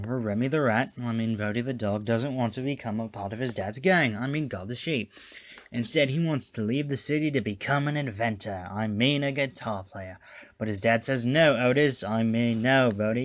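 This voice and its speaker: A man's voice: mid-range voice, no echo. A man giving a sarcastic, jokey scripted movie review with mocking asides. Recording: dull lo-fi home mic.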